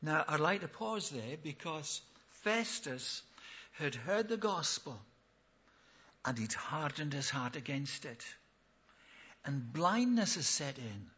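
Male preacher, bright and high, impassioned sermon delivery, muffled lo-fi sound. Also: big pitch swings, slow, breathy edge. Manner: impassioned, swings from loud appeals to hushed tones; acts out biblical speakers in quoted voices. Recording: dull lo-fi recording.

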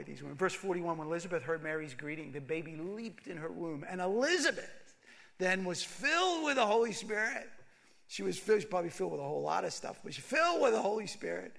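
A male pastor delivering a sermon in a high, bright voice. He talks with lively emphasis, repeats his phrases and drops to hushed tones before building back up to loud exclamations. His delivery is passionate and conversational. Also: vocal fry.

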